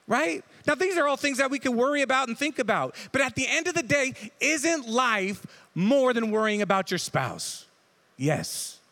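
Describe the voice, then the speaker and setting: A pastor with a notably high voice gives a relaxed, conversational sermon, often tagging his points with a quick "right?". His voice rings out with a long reverb tail, as if heard across a large hall. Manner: casual, checks in with frequent "right?".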